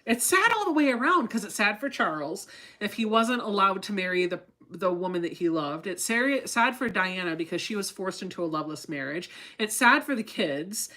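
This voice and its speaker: A woman's voice: mid-range voice, lively intonation, brisk, pushed and bright. A woman chatting casually on a sewing livestream, reading viewer comments aloud and laughing often. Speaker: sewing vlogger reading live chat.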